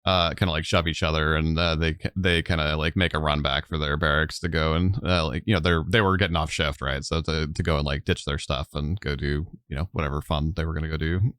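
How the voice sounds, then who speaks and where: Deep-voiced rambling game master. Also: male voice, steady tone, brisk, fairly bright tone, clean tone, no echo, clean studio sound. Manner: rambling, full of fillers. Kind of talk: narrating a tabletop game.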